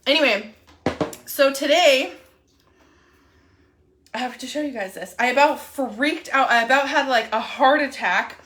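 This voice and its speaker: A woman's voice: high-pitched, measured pace, pauses often, a bit bright, a little hiss or hum. A young adult woman chatting casually on a live video, gushing and rambling with lots of fillers. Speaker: wellness app promoter.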